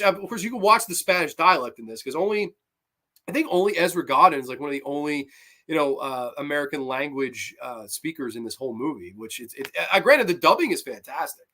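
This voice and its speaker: A man with a bright, forward voice recaps a horror movie in loose, rambling chat. He swears freely and piles on fillers as he goes. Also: mid-range voice, brisk. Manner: profane, rambling, enthusiastic retelling. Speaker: podcast host. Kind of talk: casual movie review chat.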